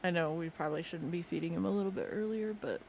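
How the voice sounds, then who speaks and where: A woman's voice: on the low side, quick pace, creaky, a little mellow, highs cut off, slight background noise. A woman game streamer chatting casually, talking playfully and doting on her pet at her desk, into a desk microphone. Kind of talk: casual live-stream chat. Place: home desk indoors.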